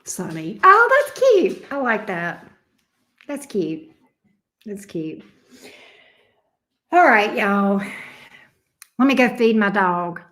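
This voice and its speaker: A woman's voice: mid-range voice, animated, slow, pauses often, fairly bright tone. A middle-aged woman, chatting playfully with her viewers as a tarot reader and laughing often. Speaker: tarot reader hosting a livestream. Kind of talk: casual chat with viewers.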